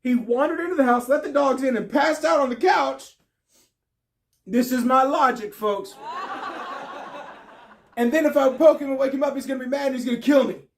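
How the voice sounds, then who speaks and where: High-voiced animated man. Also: moderate pace, long pauses, distant mic, a little hiss or hum. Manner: animated, breaks into high yelps and laughter. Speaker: stand-up comedian. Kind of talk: storytelling stand-up.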